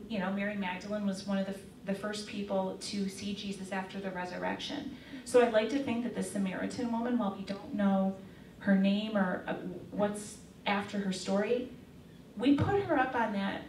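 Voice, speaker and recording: A woman's voice: mid-range voice, a little mellow, a little hiss or hum. Chatty woman giving a faith talk. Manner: chatty storytelling with frequent fillers. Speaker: speaker. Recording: echoey room, mic far off.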